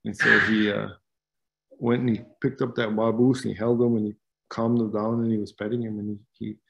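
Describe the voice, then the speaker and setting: A man from Wisconsin telling a traditional story in an unhurried, halting way, with many fillers and repeated words, over a video call. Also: on the low side, little pitch movement, gravelly, highs cut off, background noise. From Wisconsin, USA.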